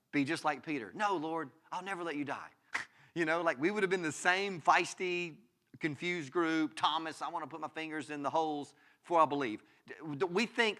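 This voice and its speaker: Emphatic pastor with a bright voice. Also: male voice, on the high side. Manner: emphatic, with frequent restarts and rhetorical questions. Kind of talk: sermon. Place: church.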